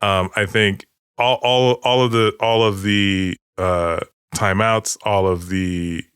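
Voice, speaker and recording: A man co-hosting a podcast talks in a loose, rambling way, restarting his sentences and swearing often. His voice sits low. It is recorded close and dry. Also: fairly even intonation, slow pace, fairly bright tone, clear, resonant tone, no room sound. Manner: rambling, with many restarts and profanity. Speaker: podcast co-host. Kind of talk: casual chat.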